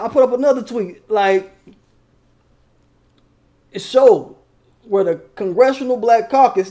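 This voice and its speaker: A man's voice: sits high, dark tone. A man hosting his own political commentary channel, talking straight to viewers in a heated, slangy, profane way.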